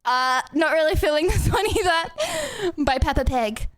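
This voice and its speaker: A woman's voice: very high voice, big pitch swings, measured pace, no echo, studio quality. A young woman streaming in casual chat, rambling and chatty with lots of filler words.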